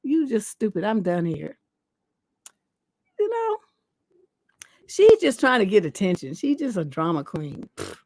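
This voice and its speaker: A woman's voice: medium pitch, sing-song, moderate pace, darkish tone, no echo. A woman hosting a live relationship advice show, answering letters in a blunt, scolding, profane manner. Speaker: relationship coach and livestream host.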